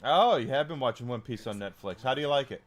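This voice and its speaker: A man's voice: medium pitch, animated, fast talker. Chatty male game streamer. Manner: chatty, rambling, restarts often. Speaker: streamer playing a video game. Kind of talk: casual live-stream chat with viewers.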